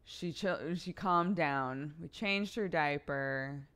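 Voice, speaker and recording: A woman's voice: deep voice, slow, a bit bright, a little hiss or hum. A young adult woman livestreamer telling a story in casual chat, swearing freely along the way. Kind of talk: casual chat to a live audience.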